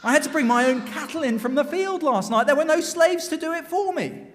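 Guy doing a whiny spoiled official, squeaky high, echoey hall. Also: wildly swooping pitch, a little fast, gravelly, faint music behind, exaggerated voice. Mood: whining. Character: pampered complaining male court official.

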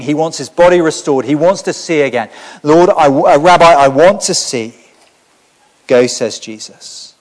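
A man preaches a lively, interactive sermon and leads the congregation in shouting back and forth. His voice sits a little high for a man. The church hall gives a long, ringing reverb.

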